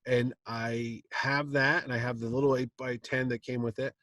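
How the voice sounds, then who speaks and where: A man at a convention panel spins a long, animated anecdote and slips into the voices of the people in it. His voice sits at a middling pitch. The sound is dry and close, with little room around it. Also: normal speed, dry recording. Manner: lively anecdote, acting out quotes. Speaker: comic con panel host telling a story. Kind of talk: animated storytelling. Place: convention stage.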